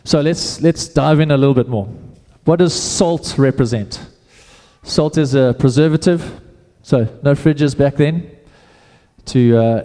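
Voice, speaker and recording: A man's voice: a little high, warm tone, in a large hall. A man preaching a sermon in a casual, conversational way, often restarting his phrases.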